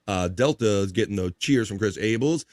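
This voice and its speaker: A man's voice: lowish voice, lively intonation, brisk, darkish tone, no echo, studio quality. Chatty male livestream host. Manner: upbeat, thankful, chatty. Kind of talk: casual chat, reading chat messages.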